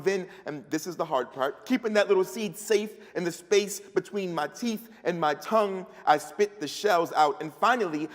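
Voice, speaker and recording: A man, an author, giving a live, rhythmic first-person reading of his fiction in a large festival hall. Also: sits high. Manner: rhythmic, storytelling delivery. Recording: long hall reverb.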